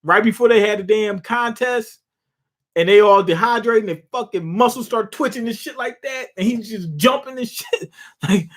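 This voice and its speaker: A young streamer reacts to a manga chapter on air, casually swearing, joking and laughing as he retells what happens. His voice is high and his pace is moderate.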